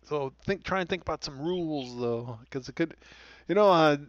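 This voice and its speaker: A man in relaxed casual chat, joking and laughing along. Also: on the high side, moderate pace, no room sound, highs cut off.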